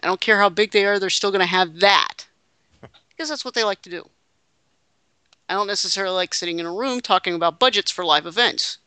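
Woman, podcast host, casual chat, bright tone, dry close recording. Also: mid-range voice, a little fast, smooth, no room sound. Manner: reads quotes aloud, joking asides.

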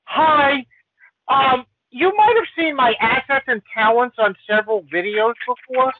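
A man's voice: very high-pitched, measured pace. A man reading listener letters on a podcast in a flustered, stammering way. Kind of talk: casual chat and letter reading. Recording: dry, phone-like narrow sound.

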